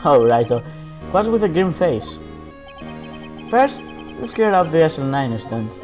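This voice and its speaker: A man's voice: fairly high pitch, very animated, normal speed. A man doing a smug, bellowing police chief over game music. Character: boisterous older male police chief, smug. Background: background game music.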